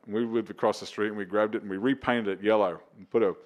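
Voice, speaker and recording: A man's voice: on the low side, fairly even intonation, fast. A middle-aged man with an Australian accent, chatting casually as a comedian guest and telling stories with restarts and stammers. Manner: laid-back storyteller, stammers and restarts, says "mate". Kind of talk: casual chat, storytelling.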